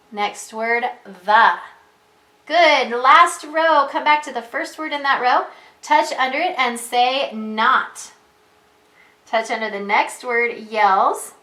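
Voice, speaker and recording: A woman leads a preschool reading lesson at an unhurried pace, drawing out each word for young children. Her voice is bright and somewhat high. The room gives it a noticeable echo. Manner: slow, clear, encouraging teacher talk with questions to children. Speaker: preschool teacher. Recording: echoey room sound.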